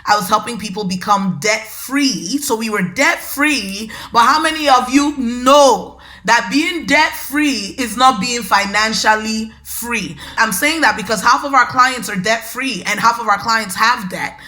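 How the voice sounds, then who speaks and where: A woman hosting a podcast, telling a personal story in a lively, conversational way and talking straight to her listeners. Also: fairly high pitch, unhurried, few pauses. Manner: animated, conversational, addresses listeners as y'all. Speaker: podcast host.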